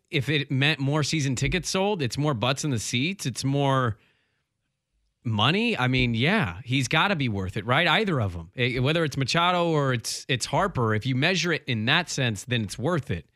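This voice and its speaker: A man's voice: mid-range voice, lively intonation, moderate pace, fairly bright tone, no echo, clean studio sound. A man co-hosting a casual sports talk show, arguing his opinions. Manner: argumentative, opinionated. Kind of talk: casual sports radio chat.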